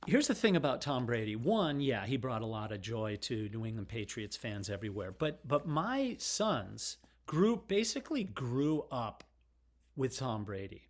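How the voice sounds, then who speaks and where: Middle-aged male vlogger, unscripted and digressive, candid and emotional, average pitch. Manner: rambling and digressive, frank and emotional. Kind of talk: casual rambling monologue.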